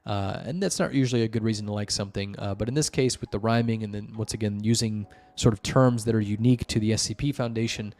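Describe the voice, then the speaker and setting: Low-voiced man rambling through reviews. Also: quick pace, hardly any pauses, a little mellow. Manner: rambling, many fillers and restarts, explains at length. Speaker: host reviewing wiki articles. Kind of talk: casual solo commentary.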